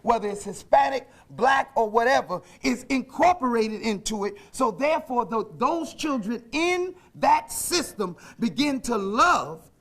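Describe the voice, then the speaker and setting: A man speaking earnestly and deliberately at a public forum. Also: extremely high pitch, lively intonation, a bit bright.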